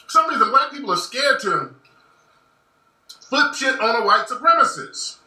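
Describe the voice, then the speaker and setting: A man's voice: very high-pitched, big pitch swings, moderate pace, pushed and bright. Blunt emphatic man, echoey room. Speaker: commentator. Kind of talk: casual monologue. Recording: echoey room, far from mic.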